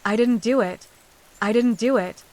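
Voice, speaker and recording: A woman's voice: a little high, moderate pace, darkish tone, natural voice. A woman reading the part of a frightened young village woman who keeps insisting she is innocent. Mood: pleading.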